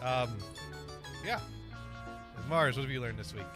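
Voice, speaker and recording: A man's voice: medium pitch, a little slow, sharp tone, soft background music. A man hosting a live stream, chatting casually, joking and laughing often. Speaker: stream host.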